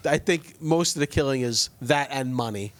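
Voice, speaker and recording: A man's voice: mid-range voice, normal speed, no room sound. A man co-hosting a podcast as a comedian, joking and laughing in casual chat. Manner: animated, laughs often, jokey.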